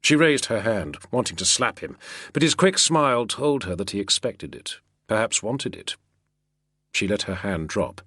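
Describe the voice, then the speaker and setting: A male audiobook narrator telling a historical novel in a measured, expressive way. His voice sits low, a little husky, with lively pitch movement. The recording is dry and close. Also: dry recording. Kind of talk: scripted narration.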